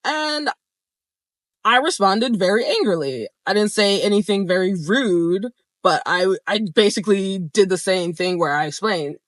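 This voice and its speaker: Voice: mid-range voice, lively intonation, measured pace, a bit bright, no echo. Candid young adult vlogger, dry sound. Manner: candid, swears freely, laughs while retelling. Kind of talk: casual storytelling vlog.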